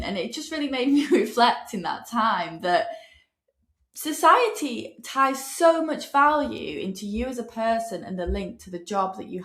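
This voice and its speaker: A woman's voice: mid-range voice, a bit bright, roomy sound. A woman hosting a podcast interview, sharing personal thoughts and asking reflective questions. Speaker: podcast host. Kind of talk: interview conversation.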